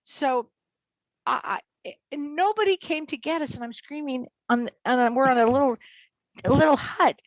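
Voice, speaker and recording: Brief: woman guest, animated storyteller, dull dry recording. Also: moderate pace, dry recording. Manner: animated, acts out quotes in high voices. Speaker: psychotherapist and medium guest. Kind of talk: storytelling in an interview.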